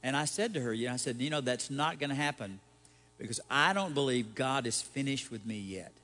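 A male pastor preaching in an easygoing, conversational way, asking rhetorical questions and adding touches of humor. His voice sits at an ordinary middle pitch. It rings with the long reverb of a church hall. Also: fairly quick, bright, forceful tone. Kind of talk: sermon.

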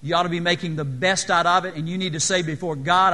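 Male preacher, sermon, earnest exhorting delivery, slightly high voice, bright tone. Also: steady tone, fast talker. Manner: earnest, exhorting, quiet in prayer.

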